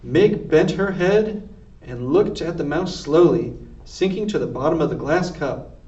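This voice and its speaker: A man with a fairly high voice reads a children's storybook aloud with plenty of expression. He sounds far from the mic in an echoey room, and the recording is dull. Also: unhurried. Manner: expressive read-aloud narration. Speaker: reader. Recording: distant roomy lo-fi recording.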